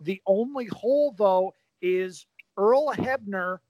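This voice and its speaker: A talkative man with a high-pitched voice, chatting enthusiastically on a podcast. His voice is recorded close and dry, with no room sound around it. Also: takes it slowly, no echo, highs cut off. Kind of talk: casual chat.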